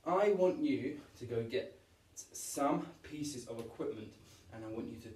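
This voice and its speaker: A man's voice: medium pitch, animated, unhurried, a little mellow. Man, PE teacher, cheerful and encouraging, children's exercise class at home, echoey room, off-mic. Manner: upbeat, encouraging, demonstrating moves while talking. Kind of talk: home PE lesson for young children. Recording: roomy echo, voice from a distance.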